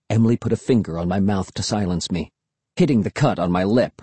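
A man narrating a first-person suspense story, reading expressively and dropping to a hush for tense moments. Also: low-pitched, fairly quick, breathy edge, no room sound. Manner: expressive, hushed for suspense, raised for shouts. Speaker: audiobook narrator.

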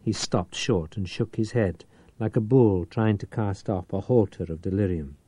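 A man reading a novel aloud as an audiobook narrator, with a measured, theatrical delivery. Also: fairly low pitch, mellow, breathy edge, no echo.

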